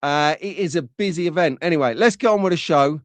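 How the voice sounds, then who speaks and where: A man's voice: on the high side, brisk, no room sound. A man hosting a live stream in a chatty, rambling, jokey way, greeting viewers by name. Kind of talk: casual live-stream chat with viewer shout-outs.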